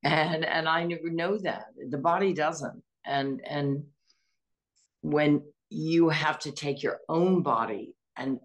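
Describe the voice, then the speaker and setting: A woman's voice: low-pitched, takes it slowly. A woman in her sixties from New Orleans, an actress chatting as an interview guest, who tells anecdotes and acts out what others said. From New Orleans, USA. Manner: warm storytelling with laughs and quoted voices. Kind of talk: casual interview chat.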